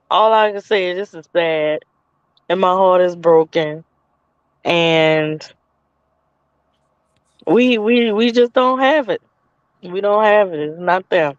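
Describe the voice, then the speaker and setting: A woman's voice: fairly low pitch, takes it slowly, pauses often, smooth, no room sound, lo-fi sound. A woman, co-hosting a casual sports podcast and talking in a dejected, scolding way. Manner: dejected, then heated and scolding. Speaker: podcast co-host.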